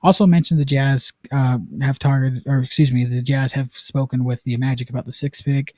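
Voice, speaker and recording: Give me a relaxed man hosting a casual sports talk stream, mellow voice, dead dry room. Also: medium pitch, a little fast, no room sound. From Utah. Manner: chatty and loose, many fillers. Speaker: sports podcast host.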